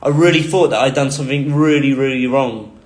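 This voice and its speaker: A man's voice: mid-range voice, a little fast. Earnest man telling a story, roomy echo. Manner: earnest, repetitive emphatic phrasing. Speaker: vlogger recounting a near-death experience. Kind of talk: emotional personal storytelling.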